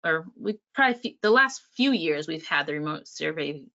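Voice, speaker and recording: A woman presenting software features in a casual walkthrough, hesitant with frequent ums. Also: sits low, expressive, normal speed, gravelly. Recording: dull lo-fi sound.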